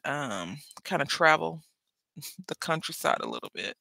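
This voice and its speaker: Crafting host with a bright, forward tone and a dry, close sound. Chatty and rambling, talks while working. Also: mid-range voice, sing-song, normal speed, gravelly, no room sound. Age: adult with school-age kids. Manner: rambling, chatty, self-interrupting. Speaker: papercraft channel host. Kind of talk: casual chat while crafting.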